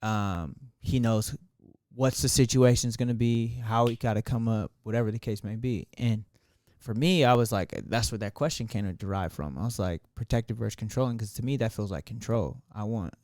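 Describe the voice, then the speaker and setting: Podcast guy, smooth clear voice, dry close mic, rambles and thinks out loud. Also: on the low side, moderate pace, few pauses, dry recording. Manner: rambling, thinks aloud with many fillers. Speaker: podcast co-host. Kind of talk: casual podcast chat.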